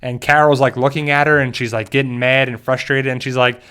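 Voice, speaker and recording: A man hosting a casual live-stream review of a TV episode. He talks in a loose, rambling way, circling back with asides and restarts. His voice sits at an everyday middle pitch. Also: steady tone, brisk, bright, forceful tone, slight background noise. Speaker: host of a TV fan channel.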